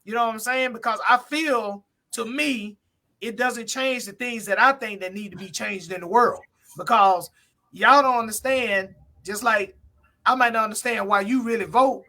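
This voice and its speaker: A man's voice: sits high, moderate pace, pushed and bright. A man co-hosting a live talk stream, arguing his point bluntly in casual conversation and greeting viewers by name. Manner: blunt, repetitive, reads viewer comments aloud.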